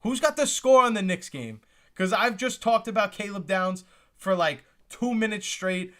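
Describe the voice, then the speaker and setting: A young man hosts a live reaction stream, full of exclamations and repeated lines. His voice sits high for a man and has a bright, forward edge. He keeps turning to talk to his chat. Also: animated, normal speed. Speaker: livestream host reacting to the draft.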